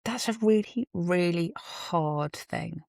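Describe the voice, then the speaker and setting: A woman's voice: lowish voice, slow pace, a little mellow, no room sound, clean studio sound. A woman hosting her own podcast, talking through her thoughts in an earnest, musing way with self-deprecating asides, recorded on a phone in a car. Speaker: podcast host. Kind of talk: reflective solo monologue. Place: parked car.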